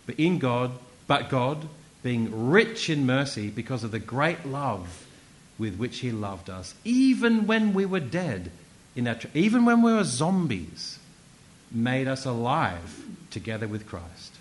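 A man's voice: medium pitch, very animated, measured pace, rough recording. A man preaching a sermon, emphatic and conversational, with asides and self-corrections.

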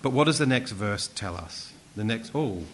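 A man's voice: lowish voice, lively intonation, normal speed, noisy background. A man preaching a sermon, emphatic and conversational, with asides and self-corrections.

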